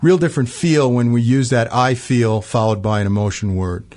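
A middle-aged man calmly explaining ideas in an interview, using everyday examples. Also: mid-range voice, moderate pace. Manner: calm, explanatory, gives examples. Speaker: guest expert on emotional fluency. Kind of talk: interview answers.

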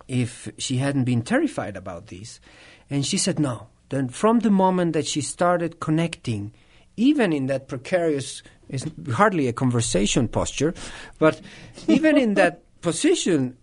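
A man answers interview questions in an everyday mid-range voice. He trains people in nonviolent communication and tells his stories thoughtfully. He pauses often and starts his sentences over. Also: medium pitch, darkish tone. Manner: thoughtful, with frequent restarts and pauses.

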